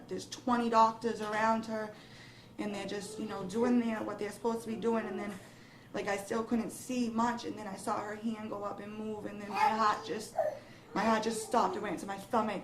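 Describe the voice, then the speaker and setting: A young woman gives an interview, recounting a frightening personal experience in a steady, low-key voice that grows more emotional as the story goes on. The room carries a noticeable echo, with a faint hiss of background noise under her words. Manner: breathless, rising emotion, quoting others in the retelling.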